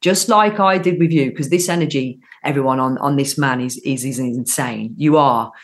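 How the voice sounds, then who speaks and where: A woman's voice: rumbling low, normal speed. A woman with a Birmingham accent hosting an interview show, speaking in a gushing, emphatic way with frequent restarts. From Birmingham, England. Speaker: podcast host. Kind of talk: effusive interview chat.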